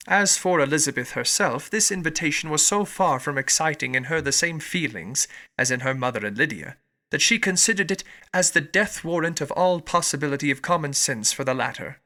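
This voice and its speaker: A man narrating a classic novel in a measured, formal reading. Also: on the high side, sharp tone. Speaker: audiobook narrator. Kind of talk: scripted narration.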